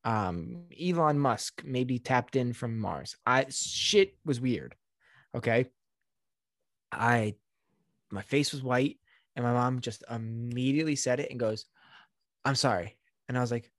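A young man, a new father, co-hosting a podcast and telling a childhood story in a wry, deadpan way with swearing. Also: mid-range voice, a little slow, vocal fry, no room sound, clean studio sound. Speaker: podcast co-host. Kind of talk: casual storytelling.

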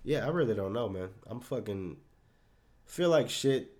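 A man's voice: medium pitch, expressive, unhurried, noisy background. Rambling profane young man, solo podcast. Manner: rambling, profane, self-deprecating, filler-heavy. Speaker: podcast host.

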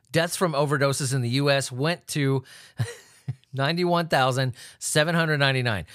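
A man's voice: medium pitch, fairly bright tone, no room sound, studio quality. A man hosting a comedic news commentary, swearing, laughing and making sarcastic asides. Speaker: host.

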